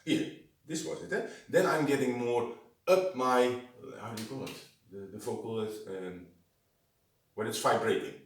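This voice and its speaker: A man whose first language is Dutch gives an informal singing lesson. He talks haltingly, keeps demonstrating low sung tones and tags his sentences with a questioning "eh?". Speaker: vocal instructor. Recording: very echoey room, from a distance.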